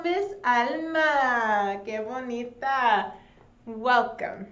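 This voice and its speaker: Woman, young adult, teaching English online, slow speech, medium pitch, roomy echo. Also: muffled recording. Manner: slow and animated, with Spanish glosses. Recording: echoey room.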